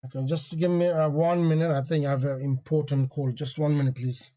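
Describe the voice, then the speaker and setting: A man's voice: fairly high pitch, flat delivery, brisk, mellow, muffled recording. A man teaching an Arabic grammar class online, asking the students questions and reading out parsing terms.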